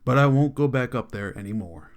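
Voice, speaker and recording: A man's voice: mid-range voice, animated, brisk, natural voice. A man voicing a frustrated young schoolteacher who argues earnestly and with passion. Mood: defiant. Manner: earnest, impassioned arguing.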